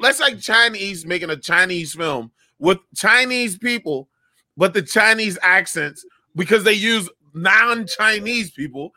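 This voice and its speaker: Male co-host, high and sharp-toned, emphatic and sweary, dry close sound. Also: a little slow, no room sound. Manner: animated, profane, emphatic. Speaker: podcast co-host. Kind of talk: casual banter.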